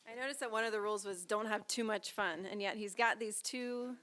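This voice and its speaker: A woman with a smooth, resonant voice hosts a live literary evening. She tells playful, self-deprecating stories in a chatty stand-up rhythm, peppered with "um" and "like". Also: mid-range voice, fairly even intonation, a little fast, a bit bright. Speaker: event hostess. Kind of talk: comedic stand-up style hosting. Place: live reading event before an audience.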